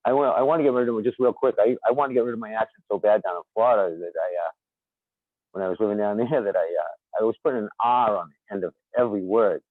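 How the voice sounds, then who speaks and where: Talking fast in a fairly low voice, this Boston-area man with a Boston accent is a podcast guest in casual chat, rambling, chuckling, and repeating himself. The recording is dry and comes over a tinny, phone-like call line.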